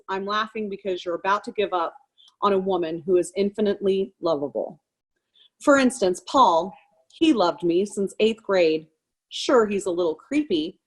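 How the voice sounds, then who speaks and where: A woman's voice: mid-range voice, close to an everyday voice. A woman reading a stage monologue cold, voicing a wife who jokes through the pain of a divorce she refuses. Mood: sarcastic. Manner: sarcastic, forced laughter over pain.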